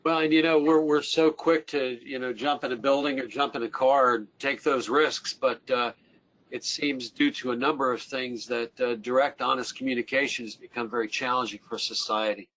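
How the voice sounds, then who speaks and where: A man's voice: mid-range voice, steady tone, normal speed, a bit bright, low-quality recording. A man moderating a panel discussion on a webinar, talking conversationally as he sums up points and hands off to panelists. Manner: conversational, paraphrasing and prompting.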